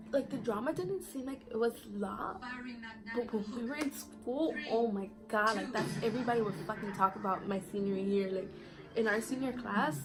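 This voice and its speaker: Animated young woman telling a storytime. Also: medium pitch, low-quality recording. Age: young adult. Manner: animated, profane, reenacts quotes. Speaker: vlogger. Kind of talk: casual storytime.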